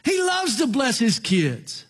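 A middle-aged male pastor preaches with a husky, slightly breathy voice that sits high for a man. He leans into earnest, emphatic phrasing and slows down for small family stories. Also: huge pitch swings, a bit bright. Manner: earnest, slow emphatic phrasing with storytelling asides. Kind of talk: sermon.

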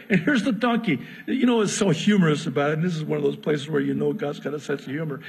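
Husky high-voiced preacher, big hall. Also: male voice, fast talker, hardly any pauses. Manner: lively storytelling, chuckles, asides. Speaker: pastor. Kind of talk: sermon. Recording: long hall reverb.

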